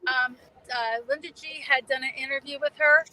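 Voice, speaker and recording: A woman's voice: high-pitched, fairly even intonation, brisk, sharp tone, poor audio. A middle-aged woman with a New England accent, chatting casually as a guest, with lots of fillers and restarts. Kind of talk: casual video chat.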